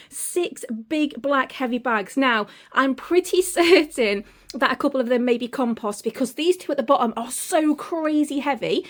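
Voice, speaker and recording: A high-pitched woman talks to her viewers in a casual home vlog. She gushes with excitement, laughs a lot and lets the odd swear slip. Her voice sits up high and bright in tone. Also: normal speed. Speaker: home and garden vlogger. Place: home hallway and garden.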